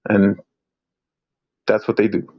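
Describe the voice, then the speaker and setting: A man's voice: fairly low pitch, monotone, takes it slowly, dull audio. A man co-hosting a casual video reaction chat, rambling and repeating words as he talks, often laughing.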